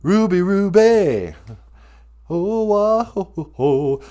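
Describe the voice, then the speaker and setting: Joking man with lively, slow speech. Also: medium pitch. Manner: joking, greets viewers by name, laughs often. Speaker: live stream host teaching Ojibwe. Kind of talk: casual live stream chat.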